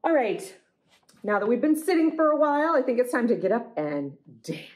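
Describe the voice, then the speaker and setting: A woman librarian leading a children's storytime, reading a picture book aloud in an animated, inviting way and talking to the children. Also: on the high side, brisk.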